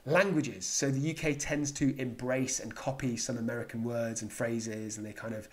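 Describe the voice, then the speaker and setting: Playful English psychiatrist vlogger. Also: male voice, medium pitch, fairly even intonation, normal speed. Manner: playful, self-mocking, dad-joke humour. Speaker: psychiatrist and video host. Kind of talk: jokey explainer vlog.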